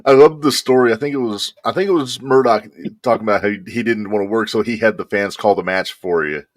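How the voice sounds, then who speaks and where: A man's voice: on the low side, fast talker. A man hosting a podcast, chatting casually and reacting like an eager fan. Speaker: podcast host. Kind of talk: casual chat.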